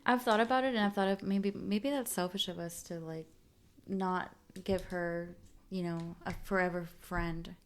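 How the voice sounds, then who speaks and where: A woman's voice: on the low side, fairly even intonation, moderate pace, hardly any pauses. A young adult woman, a guest on a casual interview, talking candidly and confessionally about her own life. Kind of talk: casual conversation.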